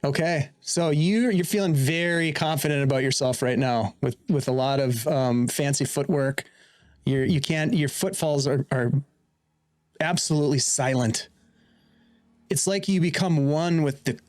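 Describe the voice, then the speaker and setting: A man running a tabletop game as dungeon master, narrating while searching for his words. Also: on the high side.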